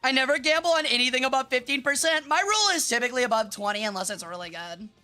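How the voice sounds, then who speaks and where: A bright, fairly high voice from a young woman from Memphis, chatting loosely on a game stream. She is animated, swears freely and breaks into laughs and shrieks. Music plays softly behind her. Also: quick pace. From Memphis, US South. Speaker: vtuber streamer. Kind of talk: casual live-stream chat while gaming.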